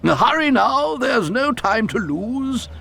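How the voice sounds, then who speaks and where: A man voicing a brisk, commanding middle-aged railway boss in a storybook. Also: extremely high pitch, sing-song, vocal fry, pushed and bright, slight background noise, pitched above the performer's own voice, heavily acted.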